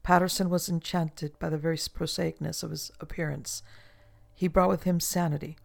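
Gravelly male audiobook narrator. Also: fairly high pitch, level tone. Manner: measured, literary. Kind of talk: scripted narration.

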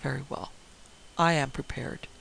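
Guy reading as a cold, stern old professor, gravelly voice, bit of hiss. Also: mid-range voice, fairly even intonation, a little slow, fairly bright tone, rough recording. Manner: cold, dispassionate. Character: stern older male Dutch vampire-hunting professor. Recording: faint hiss.

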